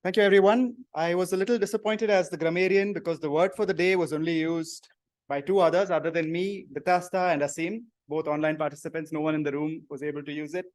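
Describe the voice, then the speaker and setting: A man's voice: on the high side, steady tone, fast. A man giving the grammarian report at a club meeting, reading out phrases he noted, with a few hesitant fillers. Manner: reads out quoted phrases, some hesitant fillers.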